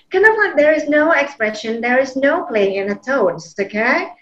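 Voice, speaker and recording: A woman's voice: sits high, animated, normal speed, a bit bright. A woman from Indonesia with an Indonesian accent, running an interactive online teaching workshop and checking in with "okay?" and "yeah?". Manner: encouraging, tags sentences with "okay?" and "yeah?". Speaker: teacher trainer. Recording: roomy, slightly muffled online call audio.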